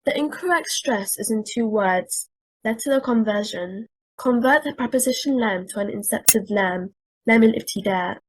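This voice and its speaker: A woman trainer giving a scripted lecture on Quranic stress, speaking in a measured, deliberate way and repeating example words with different stresses. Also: a little high, slightly rough, poor audio.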